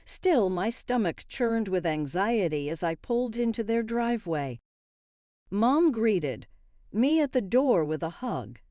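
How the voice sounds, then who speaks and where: A woman reading a first-person story in an even, steady narration. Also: mid-range voice, unhurried, dry recording, studio quality.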